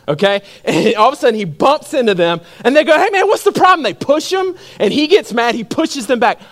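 A man's voice: extremely high pitch, a little fast. A young man preaching a sermon, telling stories with rising energy and calling out to the congregation. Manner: animated storytelling, building to shouts. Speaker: pastor.

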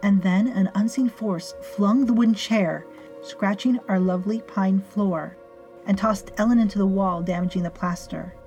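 A woman narrating a story in a measured, dryly amused way. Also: mid-range voice, muffled recording. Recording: faint music behind.

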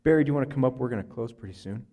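A man's voice: medium pitch, very fast, warm tone. A man preaching a sermon, telling a personal story in an earnest, conversational way with fillers and restarts. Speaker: pastor.

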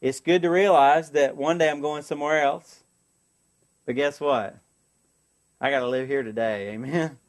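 A man preaching a sermon as pastor, earnest, asking the congregation for an amen and slowing down to read scripture. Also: on the high side. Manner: earnest, call-and-response asides, slows for scripture.

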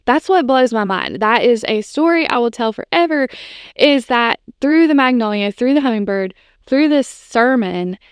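A woman's voice: fairly high pitch, clean tone, no room sound, clean studio sound. A woman in her thirties hosting a podcast, telling a personal faith story in a casual, chatty way with frequent "like" and "you know". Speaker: podcast host.

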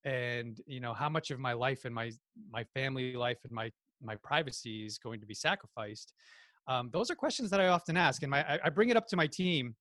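A man with a New Jersey accent, a podcast guest telling animated stories and acting out quotes in casual chat. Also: mid-range voice, brisk, no echo, studio quality. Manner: animated storyteller, acts out quotes.

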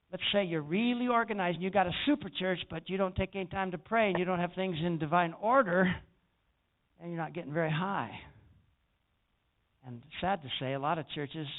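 Preacher man with tinny phone-line sound. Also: on the high side. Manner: storytelling preacher, rising to emphatic peaks. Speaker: pastor. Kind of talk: sermon.

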